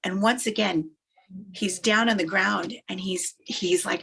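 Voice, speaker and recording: A woman's voice: medium pitch, measured pace, gravelly, a little hiss or hum. A woman motivational speaker telling uplifting stories, emphatic and repetitive for effect. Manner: animated, emphatic, repeats phrases for effect. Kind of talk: motivational storytelling.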